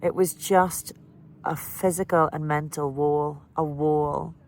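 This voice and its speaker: A woman's voice: deep voice, steady tone, slow pace, darkish tone, a little hiss or hum. An Irish woman vlogging candidly and emotionally about a hard cycling challenge. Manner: emotional, candid, breaks into laughter. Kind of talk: candid personal vlog.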